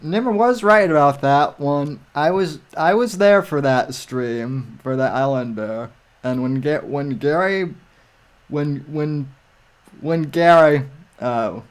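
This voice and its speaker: A man's voice: a little high, takes it slowly. A man co-hosting a casual live stream over a video call, rambling with many restarts and fillers.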